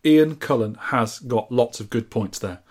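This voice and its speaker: A man co-hosts a casual podcast. His pitch sits in an ordinary middle range. He reads out listener scores with a playful, teasing manner. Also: a little slow, a little mellow, a little hiss or hum. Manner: jokey, banter-filled. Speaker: podcast co-host.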